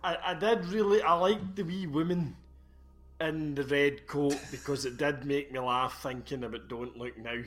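A man's voice: on the high side, steady tone, normal speed, a bit bright, faint music behind. A man, a guest on a podcast, chatting laid-back about a film and laughing easily. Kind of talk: casual film review chat.

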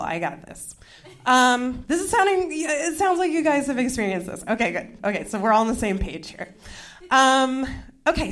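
A young woman telling a self-mocking story in a stand-up comedy set, with quick asides to the crowd. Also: on the high side.

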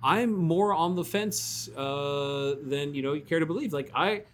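A man's voice: a little high, unhurried, a bit bright, a little hiss or hum. A man co-hosting a casual podcast chat, rambling and often restarting his sentences as he thinks aloud. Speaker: podcast co-host.

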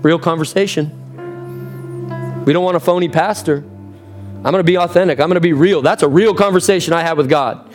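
Man, 30s, pastor, high voice, preaching an emotional sermon in church over faint music. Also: a little fast, pauses often. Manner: impassioned, with big swings in pitch and pace.

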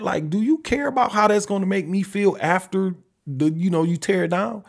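A man's voice: sits high, normal speed, creaky. A man hosting a podcast, talking alone in a blunt, heavily profane rant full of rhetorical questions. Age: adult father. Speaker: podcast host. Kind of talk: solo opinion monologue.

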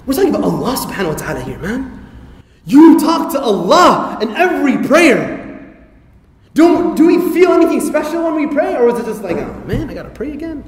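High-voiced man lecturing in an echoey hall. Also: a little fast. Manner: animated, acts out quoted voices, rises to shouts at points of emphasis. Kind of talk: Islamic lecture.

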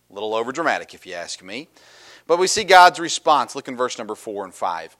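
Middle-aged man, pastor, mid-pitched voice, preaching casually and acting out the Bible voices. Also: very animated, brisk, a bit bright. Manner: conversational, with many fillers and restarts; acts out Bible voices and the people's complaints with bursts of pitch. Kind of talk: sermon.

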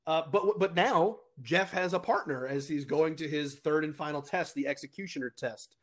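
A man's voice: on the high side, moderate pace. A young man co-hosting a casual podcast, rambling with restarts and laughing often. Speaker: podcast co-host. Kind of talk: casual chat.

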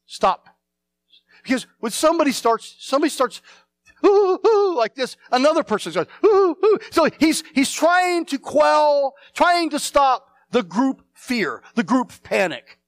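Male pastor, sermon delivery, very animated pitch, dry recording. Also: moderate pace, few pauses, no room sound. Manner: emphatic, repeats phrases, swings between loud and hushed.

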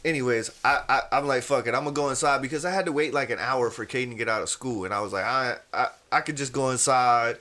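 A man, a podcast host telling a profane, animated story in casual chat and acting out the people in it. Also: mid-range voice, fast talker, hardly any pauses. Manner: animated, profane, acts out quoted voices.

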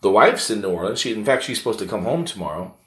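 A man with a low voice hosts a loose, comedic monologue, rambling through "you know"s and heavy profanity. The recording is roomy and echoing, and the mic sits some distance away. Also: expressive, quick pace. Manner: rambling, heavy swearing, filler-laden. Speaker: show host.

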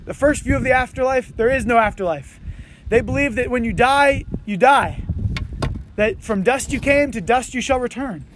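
A man with a strikingly high voice preaching a sermon outdoors, slipping easily from scripture reading into casual, animated talk with his congregation. He leans on "you know" and "right" as he talks. A faint hiss of wind sits behind him. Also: normal speed. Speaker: pastor. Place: outdoors under tents on a windy morning.

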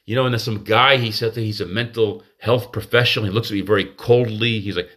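A man's voice: on the low side, a little fast, a bit bright. A man hosting a podcast, talking in a rambling, confessional monologue full of restarts, in a manic state. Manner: rambling, confessional, self-interrupting. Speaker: podcast host.

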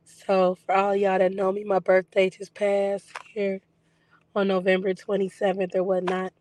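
A woman vlogging a casual video journal, her voice still recovering after being lost for weeks, telling stories in a relaxed, chatty way with plenty of fillers. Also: medium pitch, moderate pace. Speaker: psychic medium vlogger.

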